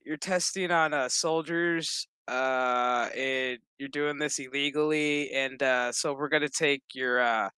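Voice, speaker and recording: A man's voice: medium pitch, fairly even intonation, a little slow, few pauses, pushed and bright, smooth, no room sound, pitched below the performer's own voice. A man voicing an angry female official who bluntly scolds someone, stumbling through fillers and swearing. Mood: scolding.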